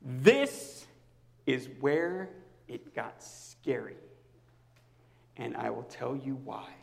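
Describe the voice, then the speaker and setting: A man preaching a personal sermon to his congregation as their pastor, swinging between loud outbursts and near-whispers. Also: mid-range voice, animated, very slow, vocal fry, big-room sound.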